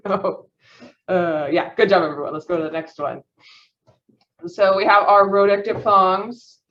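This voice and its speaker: A woman's voice: medium pitch, steady tone, unhurried, pauses often. A young woman leading a phonetics practice session, encouraging and praising answers with frequent laughs. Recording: dull muffled lo-fi audio.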